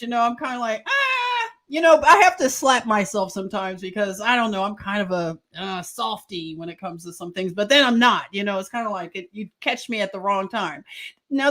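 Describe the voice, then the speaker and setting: A woman's voice: mid-range voice, fairly bright tone. Chatty woman hosting a live stream. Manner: chatty, reads news aloud and comments on it. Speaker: host. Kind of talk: live stream commentary with a guest.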